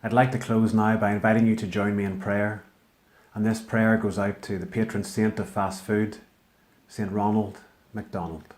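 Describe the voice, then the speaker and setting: Northern Irish man, deadpan comic poet, lowish voice. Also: moderate pace. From Northern Ireland. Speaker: spoken-word performer. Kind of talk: comic spoken-word poetry.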